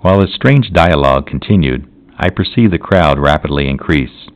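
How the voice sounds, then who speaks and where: A man narrating a classic novel as an audiobook, in a measured, solemn reading. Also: rumbling low, animated. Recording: dull lo-fi recording.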